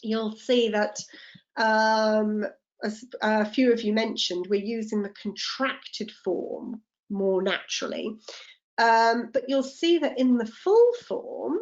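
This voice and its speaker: Woman tutor, higher voice, clear step-by-step explainer, muffled lo-fi stream audio. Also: takes it slowly. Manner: explanatory, checks in with "okay?". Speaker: TEFL tutor. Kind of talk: live online teacher-training lesson.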